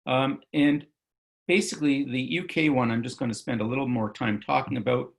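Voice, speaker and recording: A man's voice: mid-range voice, fairly even intonation, brisk, gravelly. A male physician giving an online medical lecture over slides, talking loosely with many fillers and self-corrections.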